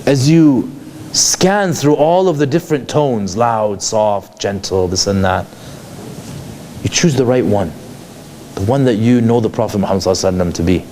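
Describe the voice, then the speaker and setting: A man's voice: on the low side, normal speed, mellow, slight background noise. A man giving a conversational lecture to a class, asking many rhetorical questions. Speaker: psychologist teaching a class.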